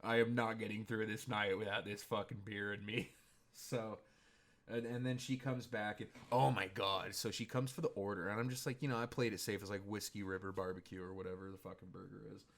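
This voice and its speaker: A man's voice: on the low side, fairly even intonation, fairly quick, a bit bright. A young man casually telling a story, rambling and laughing, with heavy swearing.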